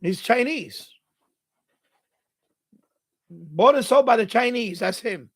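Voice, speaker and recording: A man's voice: very high-pitched, lively intonation, takes it slowly, fairly bright tone, slightly rough. A man live-streaming about radio, ranting in an exasperated way and swearing freely at a desk mic.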